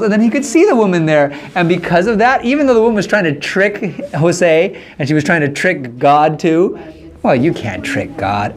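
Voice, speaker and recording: A man narrating a children's mission story in an expressive way, speaking directly to young listeners. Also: sits high.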